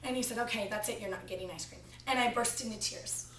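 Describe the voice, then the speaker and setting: A young woman delivers a student sermon, easing into it with a lively family story. Her voice sits a little high. She is recorded from across an echoey classroom, with faint room hum behind her. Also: quick pace, far from the mic. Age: young adult. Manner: storytelling, animated retelling of family anecdote. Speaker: preaching student. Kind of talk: practice sermon.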